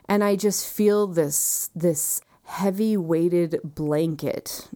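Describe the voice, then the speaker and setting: Woman, 30s, lowish voice, earnest storyteller, hushed reflective delivery. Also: extremely slow. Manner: earnest and reflective, quiet moments with soft laughs. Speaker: guest telling her story. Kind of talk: personal storytelling in a conversation.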